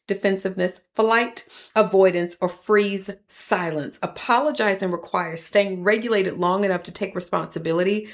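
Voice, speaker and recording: A woman who is a professor, hosting a reflective podcast monologue and telling stories, with lively turns when she voices the people she quotes. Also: medium pitch. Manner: storytelling, animating quoted voices.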